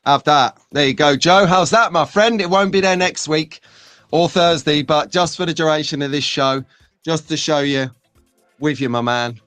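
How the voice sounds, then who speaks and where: A man's voice: a little high, normal speed, a bit bright, no room sound. Male host, bantering live-stream chat, dry close sound, faint music behind. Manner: jokey, bantering, laughs often.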